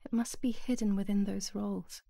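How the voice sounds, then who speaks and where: A woman's voice: medium pitch, flat delivery, moderate pace, creaky, mellow, lightly acted. A woman voicing a troubled young woman in a game, speaking a worried inner monologue. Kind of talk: game voice acting.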